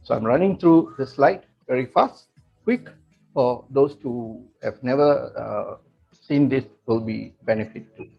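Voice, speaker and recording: A man giving an animated, salesy product talk to members, often filling with "okay". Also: mid-range voice, a little slow, vocal fry, breathy edge, faint music behind. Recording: muffled lo-fi recording.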